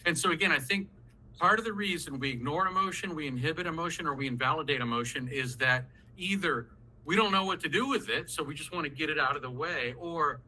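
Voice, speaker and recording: A man runs a parenting workshop over a video call. His voice is bright and forceful, and he sits a little high in pitch. He talks in a lively, folksy way and acts out parents and children as he goes. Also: fast talker, rough recording. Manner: animated, folksy, acts out quoted parents and kids. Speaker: psychologist leading a parent workshop.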